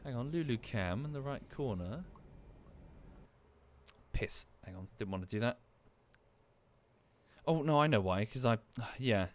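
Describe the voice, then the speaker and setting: Male gaming streamer at home, casual talk-through, lively swooping pitch, mutters and corrects himself. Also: a little slow, long pauses. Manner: thinks aloud, muttering asides and self-corrections. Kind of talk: casual live-stream commentary.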